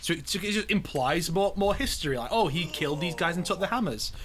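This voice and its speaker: A man with a bright, slightly high voice chats on a casual gaming podcast. He stammers and restarts his sentences often, laughing easily between thoughts. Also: expressive, fast. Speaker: podcast co-host. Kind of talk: casual chat.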